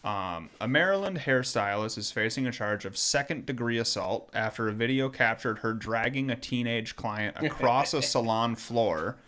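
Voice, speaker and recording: A man's voice: medium pitch, normal speed, hardly any pauses, a bit bright, a little hiss or hum. A man co-hosting a casual talk show, reading a news article aloud with many ums and joking asides. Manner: reads with many ums, stops to joke. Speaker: podcast co-host.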